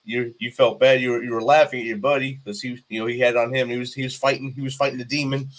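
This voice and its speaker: A man's voice: mid-range voice, little pitch movement, fast talker. A man hosting a casual interview chat, playful and joking along with his guest. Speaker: host.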